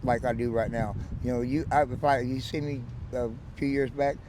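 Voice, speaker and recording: A man's voice: medium pitch, steady tone, normal speed, noisy background. A man in his forties with a West Texas Southern drawl, a rambling, joking storyteller in a casual outdoor street interview. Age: 40s. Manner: rambling, joking storyteller who laughs often.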